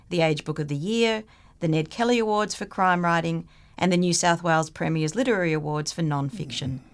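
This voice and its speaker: A woman's voice: on the low side, a little fast, vocal fry. A woman, hosting a podcast, reading a guest introduction in a playful, teasing way. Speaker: podcast host. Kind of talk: scripted introduction, then casual chat.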